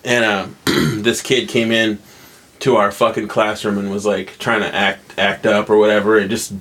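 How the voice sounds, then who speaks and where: A man's voice: lowish voice, moderate pace. A man on a podcast telling a story casually, rambling and swearing along the way. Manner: relaxed, profane, rambling storyteller. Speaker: podcast co-host. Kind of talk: casual chat.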